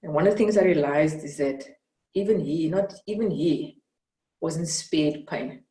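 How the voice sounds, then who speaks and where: This South African woman, a mentor answering interview questions, speaks in an unhurried, low voice and tells her stories earnestly and reflectively. Fillers come often, and she brightens when acting out a scene. She's well off the mic, and the room echoes noticeably.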